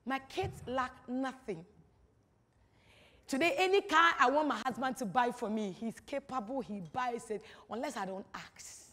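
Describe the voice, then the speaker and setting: A woman with a fairly high voice shares a personal testimony in a long-echoing hall. She talks emphatically, repeats her phrases for weight, and moves between hushed lines and loud bursts. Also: a little slow. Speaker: speaker giving a testimony. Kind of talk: personal testimony at a church-style gathering. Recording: reverberant hall.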